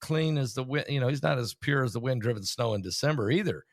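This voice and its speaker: A man hosting a casual conversation as a preacher, chatty and questioning, often pausing with fillers. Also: mid-range voice, no room sound, clean studio sound. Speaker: host, preacher.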